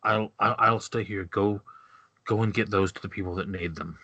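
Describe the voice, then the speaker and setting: A jittery male guard who stumbles over every word, as a game master puts him on. His voice stays hushed and a touch low, the stammer constant. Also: fairly even intonation, normal speed, muffled recording. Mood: nervous. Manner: stammering, hesitant.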